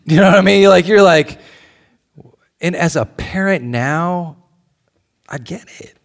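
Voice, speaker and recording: A middle-aged man, a pastor, preaching a conversational sermon in a church, swinging between loud pleas and soft asides. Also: sits high, animated, a little slow, creaky.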